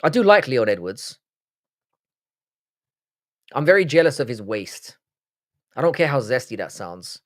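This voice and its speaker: Speaking in a mid-range, sing-song voice, a young man from Cork in Ireland hosts a relaxed livestream. He goes through viewer comments a little slowly with frequent pauses, answering bluntly, swearing and wandering off topic in his Irish accent.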